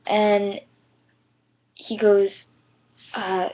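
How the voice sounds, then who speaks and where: On dull lo-fi webcam audio, a teenage vlogger tells a story to camera extremely slowly, her medium-pitched voice level in tone. Her delivery is chatty and rambling, full of "like" and "you know."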